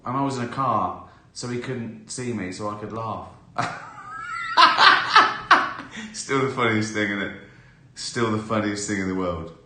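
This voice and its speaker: A man's voice: lowish voice, moderate pace, few pauses, pushed and bright, a little hiss or hum. Chatty man in an echoey room. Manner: chatty, laughs often, acts out little scenes. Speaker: host answering viewer questions. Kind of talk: casual live-stream chat.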